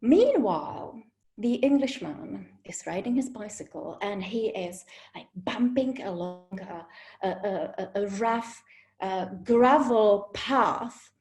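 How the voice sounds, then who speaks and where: A woman telling a personal story to an online audience, animated, with dramatic pauses and acted-out quotes, over a video call. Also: medium pitch.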